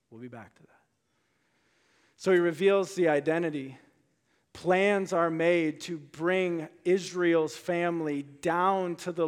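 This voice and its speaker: A man preaching a sermon to a live congregation in a room, reading scripture aloud. He talks in a casual, conversational way and swings between hushed asides and loud emphasis. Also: fairly high pitch. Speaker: pastor.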